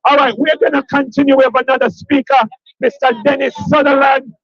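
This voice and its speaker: Jamaican man, protest livestream host, high voice, dull lo-fi sound, rallying and repetitive. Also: level tone, fairly quick, no room sound. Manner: rallying, repetitive, hypes the crowd. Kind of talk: live street announcing. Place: outdoors at a crowded street protest.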